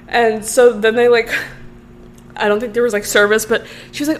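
A woman's voice: a little high, moderate pace, a little hiss or hum. A young woman in her twenties hosting a podcast, rambling through a casual story with lots of filler words. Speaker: podcast host. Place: Los Angeles.

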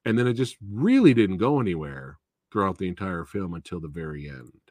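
A man's voice: low-pitched, very animated, brisk, a little mellow, no room sound. A man hosting a casual live movie show, recapping and reviewing a film in a rambling, chatty way. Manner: rambling and chatty, with fillers and laughs. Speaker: host of a movie talk show.

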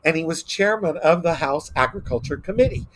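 A middle-aged man from Texas, a guest telling animated stories in a casual interview, acting out quotes as he goes. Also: fairly high pitch, fairly quick. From Texas, United States. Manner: animated anecdotes with acted-out quotes.

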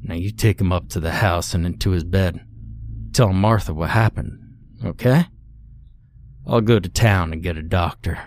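A man voicing a violent rural father who speaks slowly and calmly in a threatening way, in a horror story reading. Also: deep voice, lightly acted. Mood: brisk. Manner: slow, calm, threatening.

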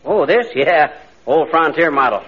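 An actor playing a brash, boastful small-town husband who blusters at the police, in 1940s radio comedy style. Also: male voice, on the high side, animated, measured pace. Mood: blustering. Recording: dull old radio broadcast with audience laughter.

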